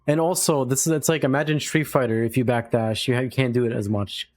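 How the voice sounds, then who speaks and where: A man hosting a casual gaming podcast, complaining in a quick, exasperated way. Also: mid-range voice, steady tone, a little mellow, a little hiss or hum. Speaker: podcast host.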